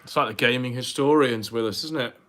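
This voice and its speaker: A man commenting on a video in a loud, crude, mocking way, swearing often and out of breath. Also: medium pitch, fairly quick. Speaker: streamer watching and mocking a video. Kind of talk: casual profane commentary.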